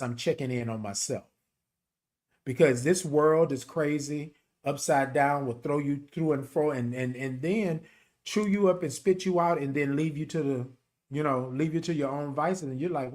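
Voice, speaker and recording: A man from Texas with a country twang, hosting a casual, emphatic talk show and speaking straight to his listeners in a folksy way. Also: medium pitch. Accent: Texan, country. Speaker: podcast host and HIV advocate. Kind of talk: casual direct-to-audience talk.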